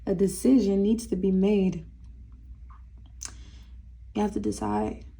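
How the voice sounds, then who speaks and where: A woman's voice: medium pitch, flat delivery, slow pace, gravelly, warm tone. A young woman giving a casual tarot reading, talking straight to viewers in a sassy, teasing way. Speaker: tarot reader.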